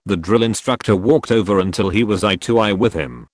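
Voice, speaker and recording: A man reading a string of short military jokes as scripted narration, in an even, measured storytelling delivery. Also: fairly low pitch, dry recording, clean studio sound. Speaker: joke narrator.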